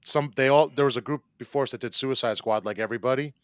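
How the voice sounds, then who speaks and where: Male podcast co-host, relaxed and rambling, mid-pitched; casual chat recorded dry. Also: fast talker, smooth, dry recording. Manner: easygoing, rambling, filler-heavy.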